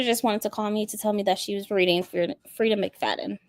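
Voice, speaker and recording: A woman's voice: mid-range voice, fairly even intonation, a little fast, dry recording, clean studio sound. A woman hosting a book channel, chatting casually and animatedly with frequent laughter. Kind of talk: casual livestream chat.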